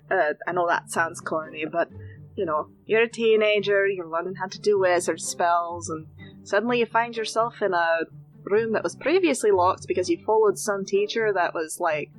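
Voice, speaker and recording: A woman's voice: mid-range voice, moderate pace, faint music behind, poor audio. Woman player, giggles often, rambles through in-character stories at a tabletop game. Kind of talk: casual in-character play.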